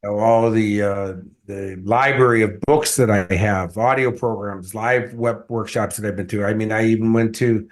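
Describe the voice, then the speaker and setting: A middle-aged man, a motivational coach, telling stories in a relaxed interview and acting out the voices of people he quotes. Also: lowish voice, normal speed, few pauses. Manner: animated storyteller acting out quotes. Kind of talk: conversational storytelling interview.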